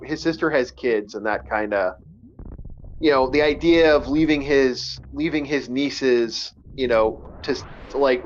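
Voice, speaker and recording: A man's voice: mid-range voice, muffled recording, a little hiss or hum. A man hosting a casual podcast, telling a story in a rambling way with many restarts. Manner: rambling, repeats words. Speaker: podcast host.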